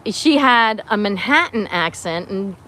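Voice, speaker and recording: A woman's voice: medium pitch, lively intonation, a little slow, fairly bright tone, a little hiss or hum. A woman hosting a casual livestream chat, teasing and laughing often. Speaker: livestream host.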